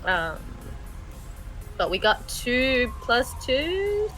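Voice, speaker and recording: A woman's voice: a little high, very animated, extremely slow, fairly bright tone, soft background music, poor audio. A woman playing a tabletop game, speaking thoughtfully and laughing easily. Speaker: player.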